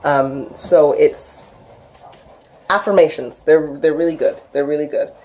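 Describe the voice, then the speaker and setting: A woman teaching a casual spiritual lesson, talking chattily with many restarts and acting out quoted voices with big jumps in pitch. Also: fairly even intonation, measured pace, a little mellow. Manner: frequent restarts and laughs.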